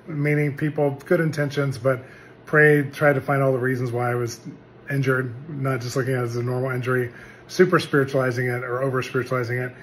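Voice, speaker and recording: A middle-aged male pastor telling a personal testimony in an earnest, animated storytelling way. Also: medium pitch, a little hiss or hum. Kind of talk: testimony sermon.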